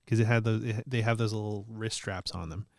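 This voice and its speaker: A man's voice: on the low side, fairly quick, dry recording, clean studio sound. A man hosting a casual chat show, telling stories with lots of laughter and the odd curse. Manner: animated storyteller, swears, laughs often. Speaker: podcast host.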